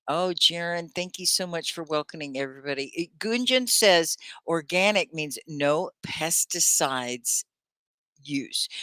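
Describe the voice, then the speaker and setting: A woman's voice: low-pitched, bright, forceful tone, no echo. A middle-aged woman from Texas hosting a live English lesson, reading viewer comments aloud, chatty and upbeat, laughing often and quizzing her students. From Texas, United States. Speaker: ESL teacher hosting a live class.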